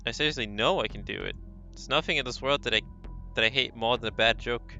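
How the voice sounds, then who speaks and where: Man playing a gruff male editor, blunt, proud, gravelly, bright tone, game reading. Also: medium pitch, fast. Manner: blunt, brusque. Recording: slightly dull lo-fi stream audio with faint music.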